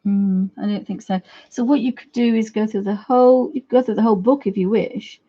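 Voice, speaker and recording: Woman, livestream art tutor, chatty and easygoing, soft husky voice, slightly dull lo-fi audio. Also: medium pitch, steady tone, brisk. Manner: chatty, friendly asides to viewers, trailing restarts. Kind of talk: casual live craft demonstration.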